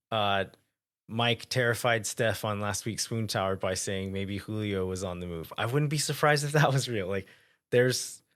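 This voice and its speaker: A man co-hosts a soccer podcast in casual, easygoing chat. His voice sits a little low. He thinks out loud, wandering into loose asides.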